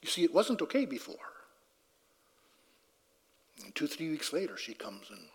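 High-voiced man telling a testimony. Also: very animated, moderate pace, gravelly, husky, long reverb tail. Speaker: speaker giving a personal testimony. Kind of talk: conversational storytelling testimony.

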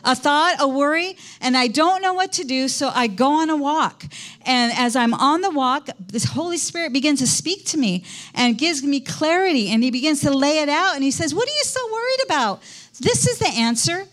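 A woman's voice: sits high, moderate pace, fairly bright tone. A middle-aged woman pastor preaching a conversational sermon in a church, quizzing the congregation as she goes.

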